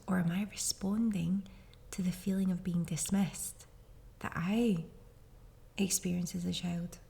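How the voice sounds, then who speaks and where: A woman's voice: mid-range voice, gravelly, mellow. A woman in her thirties hosting a podcast, talking casually and reassuringly straight to parents listening. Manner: chatty and reassuring, speaks directly to listeners. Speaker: podcast host. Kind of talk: casual parenting advice monologue.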